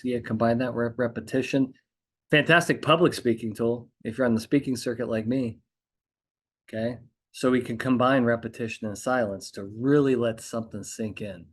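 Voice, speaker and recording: A man hosting a podcast, coaching lawyers on courtroom speaking in an emphatic monologue. He repeats his points and keeps checking in with "okay?". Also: medium pitch. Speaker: trial consultant podcast host.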